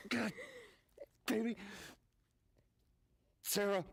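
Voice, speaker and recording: A man's voice: sits high, level tone, very slow, vocal fry, fairly bright tone, exaggerated voice. An actor playing a desperate father pleading over his injured daughter in a game cutscene, sobbing and broken. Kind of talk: video game cutscene acting. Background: heavy game score music.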